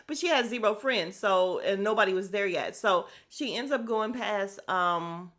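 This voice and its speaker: Woman podcast host, chatty recap, swears freely, laughs a lot, mid-pitched voice, close podcast mic. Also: moderate pace, few pauses. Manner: animated, profane, laughs often, mimics people. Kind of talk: casual reality TV recap. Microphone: podcast microphone.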